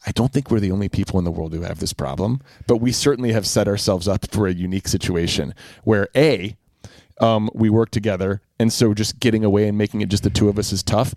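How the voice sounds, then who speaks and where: Sincere low-voiced man podcast host. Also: a little mellow, dry recording, clean studio sound. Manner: sincere, reflective, halting. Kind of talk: casual chat.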